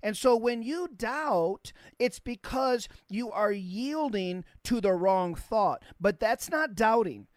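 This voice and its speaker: A pastor preaching a sermon, emphatic, repeating key phrases and spelling words out letter by letter, with slow stressed lines between quick runs. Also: mid-range voice, no echo, clean studio sound.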